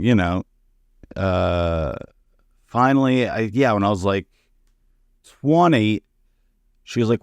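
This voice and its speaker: A man's voice: on the low side, smooth, no room sound. A man, a comedian guest, telling personal stories in a candid, profane, casual way and acting out the people he quotes. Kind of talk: casual podcast storytelling.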